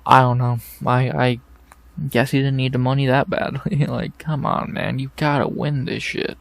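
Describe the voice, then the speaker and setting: A man's voice: medium pitch, level tone, normal speed, creaky, no echo. A man hosting a casual fight recap, blunt and profane, ranting in exasperation into a desk microphone. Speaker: MMA podcast host.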